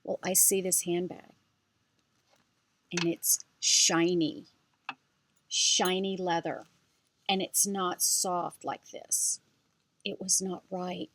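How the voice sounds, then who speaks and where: A middle-aged woman vlogger talks casually to her camera, chatty and animated as she tells her story. Her voice sits a little low for a woman. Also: takes it slowly, pauses often, a little hiss or hum. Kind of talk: casual handbag review vlog.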